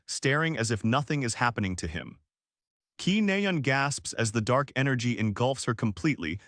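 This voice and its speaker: A man narrating a comic recap as scripted storytelling, telling events in an even way and putting dramatic questions to the listener. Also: medium pitch, dry recording, studio quality.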